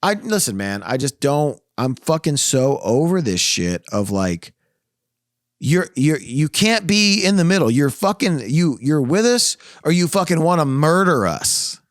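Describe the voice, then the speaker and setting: A man's voice: fairly high pitch, big pitch swings, a little slow, no room sound, clean studio sound. A man co-hosting a podcast in casual chat, ranting heatedly and swearing a lot. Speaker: podcast co-host. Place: podcast studio.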